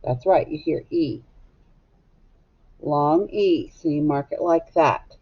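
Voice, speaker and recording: A woman's voice: low voice, breathy edge. A woman teacher leading a recorded phonics lesson for young students, speaking patiently and asking them to echo words back. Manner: slow, patient, asks pupils to echo words. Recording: slightly dull, lo-fi recording.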